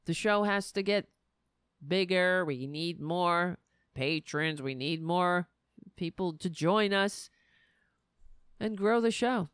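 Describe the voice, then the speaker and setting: A woman hosting a political talk show, tired and sleepy, sliding into sarcastic, animated rants. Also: on the low side, slow, pauses often, clean tone, dry recording, studio quality. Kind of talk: casual political commentary.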